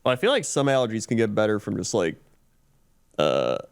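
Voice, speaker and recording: A man's voice: on the low side, very animated, fairly quick, smooth, no echo, studio quality. A man co-hosting a podcast in casual chat, laid-back and mumbling. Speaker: podcast co-host.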